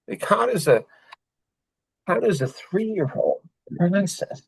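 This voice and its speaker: A man speaks slowly and thoughtfully as he shares a personal story, often pausing and restarting his sentences. His voice sits at an ordinary pitch, and the recording is close and dry with no room sound. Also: very animated, gravelly, husky, no echo, rough recording. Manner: reflective and halting, many pauses and restarts. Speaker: podcast host.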